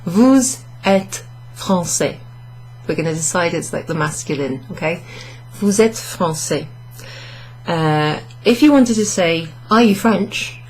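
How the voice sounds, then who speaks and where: A woman's voice: fairly low pitch, a little slow, slightly rough. A woman teaching a French lesson to camera, explaining step by step and correcting herself aloud as she goes. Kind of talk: online language lesson. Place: indoors under a hot studio light. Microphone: camera facing her.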